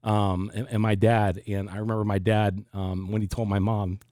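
A pastor in his forties talks through his faith in a casual, unhurried and reflective way, often halting and restarting his sentences. His voice is low and mellow with little pitch movement, recorded dry and close with no echo.

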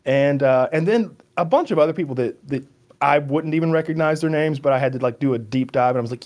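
A man co-hosting a podcast in casual chat, talking in an excitable, rambling way and swearing freely. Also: fairly high pitch, quick pace. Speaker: podcast co-host.

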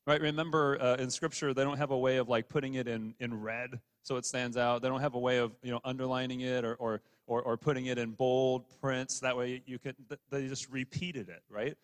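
A man's voice: mid-range voice, fairly even intonation, brisk, hardly any pauses. A man preaching a sermon in a conversational way, often repeating words and restarting sentences. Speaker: pastor. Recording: long hall reverb.

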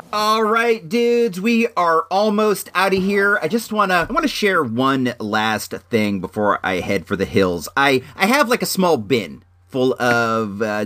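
Animated ranting guy, bright voice. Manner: animated, emphatic, swings high when worked up. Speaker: vlogger. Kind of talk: casual ranting monologue.

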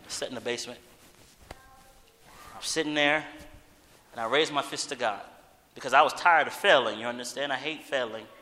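Male preacher, bright voice, long hall reverb, shifts between loud appeals and hushed stories. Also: mid-range voice, slight background noise. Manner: swings from loud urgent appeals to hushed storytelling. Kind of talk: sermon with personal story.

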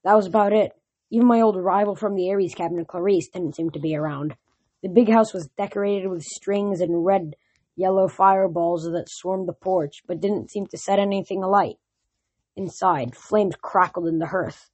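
A woman's voice: on the low side, moderate pace, darkish tone, breathy edge. A woman reading a novel aloud in first-person narration, with small restarts. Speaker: reader.

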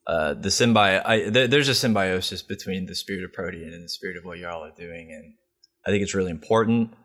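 A man with a very deep voice co-hosts a podcast. He talks casually, and his sentences wander through stacked fillers and restarts. He swears offhandedly. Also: brisk, a bit bright. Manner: rambling, loose, swears casually. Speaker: podcast co-host.

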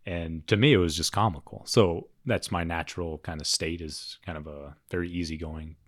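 A man's voice: low voice, fairly even intonation, normal speed, fairly bright tone, no room sound, clean studio sound. Laughing, profane young man telling a story. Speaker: podcast co-host. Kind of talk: casual podcast storytelling.

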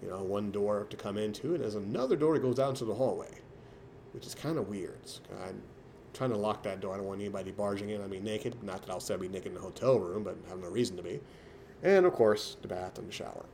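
A man with a low voice tells a casual, rambling story straight to camera. He mutters some asides and then bursts out louder and higher on others, keeping it loose and unpolished. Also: fast, slight background noise. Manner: rambling, with sudden loud jumps in pitch. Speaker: vlogger.

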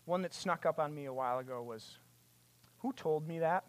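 A preacher delivering a sermon with passion, asking rhetorical questions and building to loud, emphatic peaks. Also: medium pitch, a little fast.

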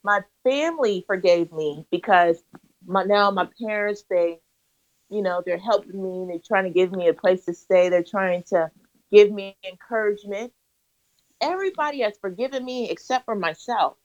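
A woman's voice: medium pitch, moderate pace. A woman guest on an interview, telling her story in an earnest, emphatic way with a preacher-like cadence. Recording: slightly dull lo-fi audio.

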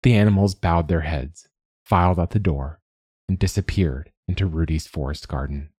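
Give me a man with a deep, husky voice narrating a story in a measured, somber way. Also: dark tone.

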